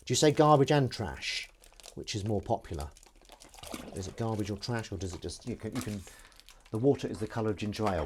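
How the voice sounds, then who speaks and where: Lively-voiced British man chatting at the sink. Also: lowish voice, fairly quick, a little hiss or hum. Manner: chatty, jokey, self-deprecating, answers viewer comments. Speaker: live streamer. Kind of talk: casual chat while washing dishes. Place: home kitchen at the sink.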